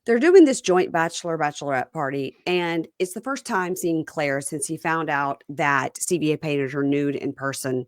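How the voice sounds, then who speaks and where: A woman hosting a podcast, recapping reality TV in casual chat and acting out quotes with big swings in pitch. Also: moderate pace, few pauses, dry recording, studio quality.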